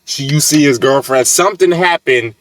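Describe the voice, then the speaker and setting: A man's voice: medium pitch, moderate pace, a little hiss or hum. A man giving casual, joking, slang-heavy reaction commentary. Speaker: reaction host.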